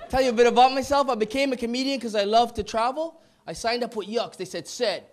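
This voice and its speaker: High-voiced man doing stand-up. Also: fast. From Montreal, Canada. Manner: punchy, animated delivery with put-on voices. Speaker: stand-up comedian. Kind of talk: stand-up comedy routine. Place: comedy club stage with audience. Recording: noisy live club recording.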